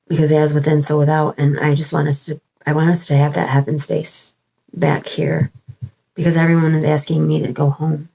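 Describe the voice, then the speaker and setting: Speaking in a deep, dark voice with vocal fry, a woman rambles through a casual spiritual vlog monologue at home as a channeler. She wanders with many fillers and restarts, and the recording is rough.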